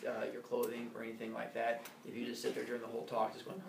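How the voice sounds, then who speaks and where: A male teacher explaining classroom rules in a playful, joking way, now and then shouting mock corrections. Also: medium pitch, big pitch swings, fast talker, gravelly, hardly any pauses, echoey room, far from the mic, noisy background. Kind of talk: classroom instructions. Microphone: phone recording from across the room.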